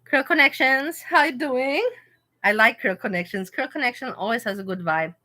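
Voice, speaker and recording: Bright-voiced woman chatting on a livestream. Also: a little high, normal speed, poor audio. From Europe. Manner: animated, talks back to chat commenters. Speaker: livestream host reading chat. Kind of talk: casual livestream chat. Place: hotel room.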